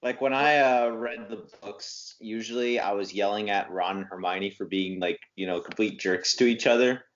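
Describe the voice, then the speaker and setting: A man's voice: lowish voice, steady tone, moderate pace, few pauses, lo-fi sound. A man co-hosting a podcast, chatting casually with short, laid-back remarks. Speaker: podcast co-host. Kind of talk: casual chat.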